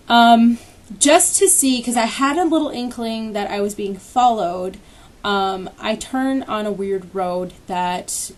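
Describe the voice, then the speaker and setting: A woman's voice: mid-range voice, darkish tone. A young woman casually retelling a personal story as a vlogger, candid and swearing freely, with lots of fillers. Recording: voice a bit distant from the mic.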